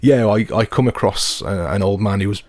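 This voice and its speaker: Chatty low-voiced Telford man. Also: brisk, a little mellow, no echo, studio quality. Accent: Telford English. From Telford, England. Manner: chatty, rambling, many fillers. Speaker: podcast host. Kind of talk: casual podcast chat. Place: podcast studio.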